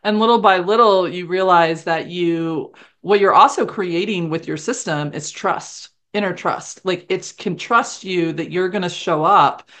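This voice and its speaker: A woman's voice: on the low side, unhurried, few pauses, fairly bright tone. A woman hosting a casual podcast conversation, affirming her guest and reflecting on coaching practice.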